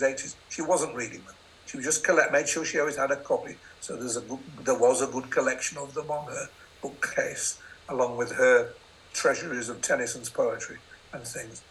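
A man's voice: medium pitch, pushed and bright, poor audio. An older man, a novelist, telling wry, self-deprecating anecdotes in an interview. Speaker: novelist guest. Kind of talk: interview storytelling.

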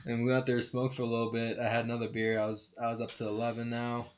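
A man's voice: medium pitch, monotone, very fast, muffled recording. A man telling a rambling, profane bar story in casual chat. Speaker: podcast co-host telling a story.

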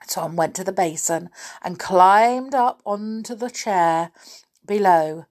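Expressive woman reading a story slowly. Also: medium pitch. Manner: expressive, lively.

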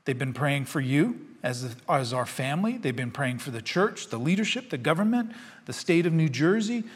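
A man's voice: fairly high pitch, sing-song, normal speed, slightly rough. Earnest man preaching in a large hall. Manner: earnest, rising to fervent when reading scripture; conversational with fillers and repetitions. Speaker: pastor. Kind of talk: sermon. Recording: long hall reverb.

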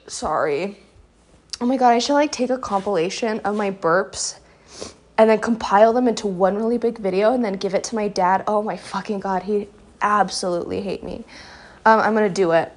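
A woman's voice: mid-range voice, normal speed. A young woman rambling through a profane, self-mocking storytime while she cooks breakfast in her kitchen. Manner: chatty, profane, self-deprecating. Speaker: vlogger. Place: home kitchen.

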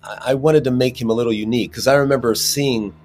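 A man's voice: mid-range voice, fairly even intonation, fast, a little mellow. A man, an actor, talking casually in an interview, rambling with many restarts and fillers. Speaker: actor guest.

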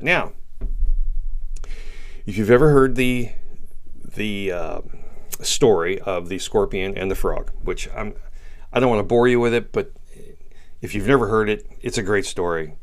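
A man's voice: fairly low pitch, animated, moderate pace, long pauses. A man, middle-aged, giving an opinionated commentary monologue and repeating his points for stress. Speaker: political commentator.

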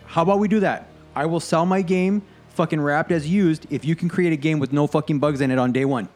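A man's voice: a little high, brisk, darkish tone, soft background music. A man co-hosting a casual gaming podcast, talking in heated, profane rants. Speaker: podcast co-host.

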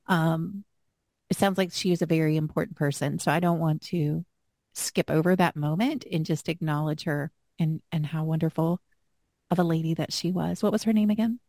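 A woman's voice: lowish voice, darkish tone, no room sound, clean studio sound. A woman co-hosting a casual faith podcast, speaking in an encouraging, affirming way. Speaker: podcast co-host.

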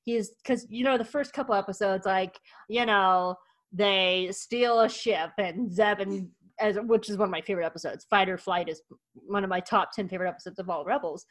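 This is a woman hosting a podcast in a loose, casual chat, sitting at a middle pitch. She gushes with enthusiasm and rambles, circling back with restarts and fillers like "like" and "um.". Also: moderate pace, poor audio. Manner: gushing, rambling with many restarts. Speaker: podcast host.

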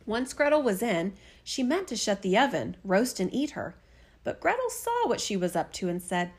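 A woman narrating a fairy tale in a steady, expressive storytelling voice. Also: mid-range voice, normal speed, husky. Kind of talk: fairy tale read-aloud.

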